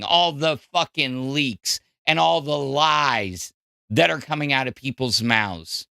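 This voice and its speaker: A man's voice: medium pitch, takes it slowly, gravelly, bright, forceful tone, no echo, studio quality. A man hosting a podcast, ranting casually with lots of profanity, fillers and restarts. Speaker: podcast host. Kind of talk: casual crude podcast rant.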